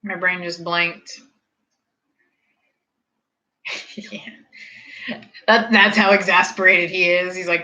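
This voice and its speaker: A woman in her thirties, slightly tipsy, chatting casually with her viewers and rambling off into animated tangents. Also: on the low side, slow, pauses often, rough recording. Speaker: streamer hosting a snack review.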